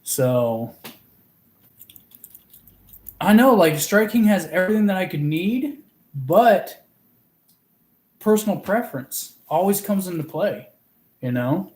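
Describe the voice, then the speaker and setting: A man's voice: high voice, big pitch swings, takes it slowly, pauses often, darkish tone. A man from Oklahoma hosting a casual fishing livestream, chatting, giggling and reading viewers' comments aloud. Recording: roomy echo.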